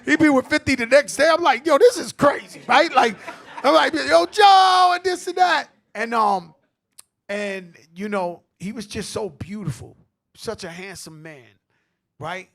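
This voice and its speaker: A middle-aged man with a New York accent, telling animated stories at a tribute panel, acting out quotes and swearing freely. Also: high-pitched. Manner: animated street storytelling, acts out quotes, swears. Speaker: host.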